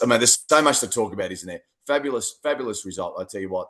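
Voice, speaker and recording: An Australian man co-hosting a podcast, chatting in a lively, rambling way and often repeating words. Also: low voice, quick pace, few pauses. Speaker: co-host. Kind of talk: casual podcast chat.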